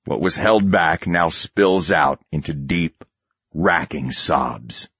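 A man reading a war novel aloud as an audiobook narrator, in steady, measured scripted narration. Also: very deep voice, breathy edge, no room sound, highs cut off.

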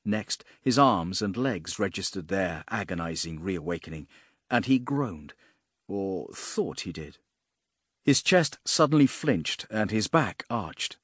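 A man narrating a fantasy audiobook in a measured, expressive way, with a husky voice. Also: deep voice, no echo, studio quality.

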